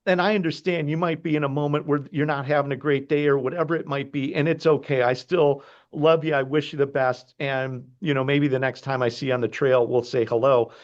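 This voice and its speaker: A man's voice: medium pitch, steady tone, brisk, hardly any pauses. Earnest man hosting over a dull video call. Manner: earnest, effusive. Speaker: podcast host. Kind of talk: casual conversation.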